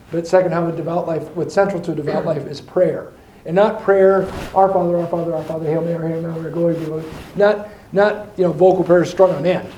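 A man with a fairly high but mellow voice explains ideas in a thoughtful way, drifting off on side paths and slowing down to stress key points. The room around him is echoey and carries a faint hiss. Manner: thoughtful, digressive, with slowed emphasis. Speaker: teacher. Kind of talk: explaining faith in a discussion.

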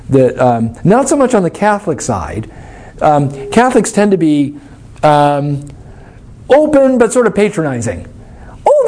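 A man's voice: on the high side, mellow. A man leading a church study class, explaining things in an informal, thoughtful and wry way while answering questions.

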